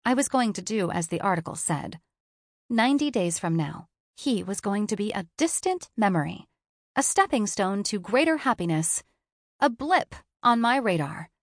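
A woman narrates a first-person novel in a measured, subdued voice at a middling pitch. Her delivery is reflective and even. The recording is dry and close-miked, with no room sound. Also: no room sound. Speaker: audiobook narrator.

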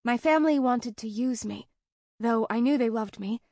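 A woman's voice: on the high side, moderate pace, dark tone, dry recording, close to an everyday voice. Woman voicing a courteous young companion, lifted voice, storybook reading, dry close sound. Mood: rueful.

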